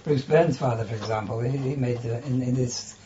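Older man reminiscing, halting and mellow. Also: mid-range voice, lo-fi sound, slight background noise. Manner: halting, hesitant with many restarts and fillers. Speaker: interviewee, former prisoner of war. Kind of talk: oral history interview.

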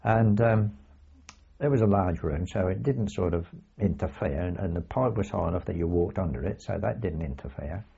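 Older man, oral history, rambling asides, gravelly, dark mellow tone. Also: low voice. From England. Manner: rambling, frequent "you see" asides, halting restarts. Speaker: veteran recalling wartime. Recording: dull lo-fi recording.

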